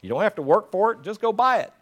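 A man delivers a sermon in a fairly high voice. He talks conversationally to the congregation and builds to urgent, insistent exhortation. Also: very animated, quick pace, slight background noise. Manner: retells a story in a low, quiet voice. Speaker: pastor.

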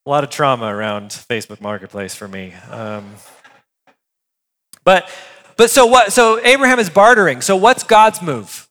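A man preaching a sermon in a conversational, animated way, reading scripture and then explaining it with everyday asides. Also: medium pitch, moderate pace, long reverb tail. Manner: conversational, animated, with filler words and restarts. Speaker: pastor.

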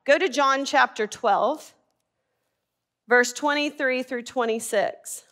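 A woman's voice: high voice, slow, fairly bright tone. A woman teaching a Bible class, asking the group questions and answering them herself.

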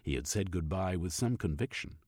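Brief: deep, husky male storyteller, lively delivery, dry close sound, faint music behind. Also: fairly quick, no echo. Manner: expressive, varied. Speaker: narrator. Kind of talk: audiobook narration.

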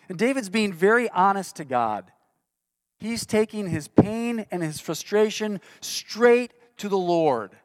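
Man, pastor, earnest sermon, slightly high voice, dry close sound. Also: dry recording. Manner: earnest, reads scripture with rising intensity.

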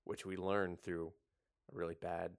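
A man's voice: low voice, level tone, a little slow, smooth, no echo. A man co-hosting a casual movie podcast with dry, wisecracking remarks. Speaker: podcast co-host.

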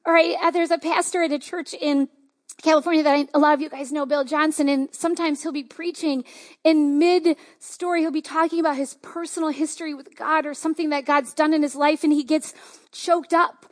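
A woman's voice: high-pitched, fairly even intonation, fairly quick. A woman pastor giving a conversational, enthusiastic sermon with lots of fillers.

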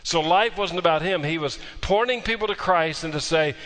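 Pastor preaching in a hall. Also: male voice, on the high side, moderate pace, a bit bright. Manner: storytelling with humor, then emphatic preaching. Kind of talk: sermon.

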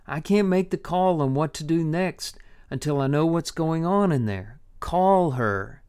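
A man voicing a steady, commanding town guardian who speaks firmly and decisively. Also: on the high side, a little slow, clear, resonant tone, pitched above the performer's own voice.

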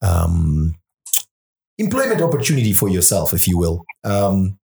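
A man's voice: sits low, wildly swooping pitch, measured pace, gravelly, mellow. A man co-hosting a casual interview, asking questions and joking in a wry, teasing way. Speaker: podcast co-host.

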